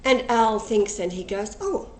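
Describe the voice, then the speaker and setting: A woman slowly retelling a personal experience, acting out the dialogue and getting emotional as she goes. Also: mid-range voice, expressive. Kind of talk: personal storytelling. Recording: echoey room with faint ambient noise.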